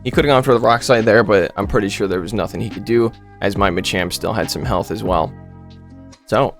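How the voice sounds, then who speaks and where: A man's voice: fairly low pitch, fairly quick, soft background music. A man giving casual gameplay commentary as a YouTuber, rambling and joking with lots of filler words. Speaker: gaming YouTuber.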